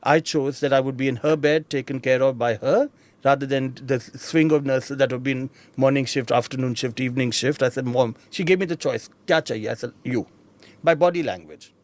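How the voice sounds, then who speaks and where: A man's voice: mid-range voice, fairly quick. Indian man telling his life story. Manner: animated, mimics voices of people in his stories. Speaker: interview guest. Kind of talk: personal storytelling.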